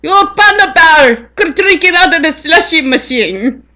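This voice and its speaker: A woman's voice: sits high, expressive, a little slow, bright, forceful tone, pitched above the performer's own voice, full character voice. A woman voicing a scolding male cartoon store clerk.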